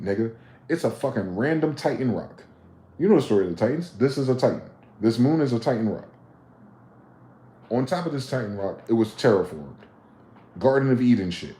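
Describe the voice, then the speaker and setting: A man in his late thirties, live-streaming a heated, profane, preachy rant whose loudness swings sharply. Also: medium pitch. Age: late 30s. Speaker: livestreamer. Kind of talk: ranting livestream monologue. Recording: roomy echo.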